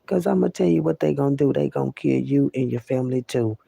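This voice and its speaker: A man's voice: medium pitch, fast talker, gravelly, warm tone, breathy edge, no room sound. A man talking straight to the listener in a casual, profane, emphatic monologue, often repeating himself. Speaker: vlogger.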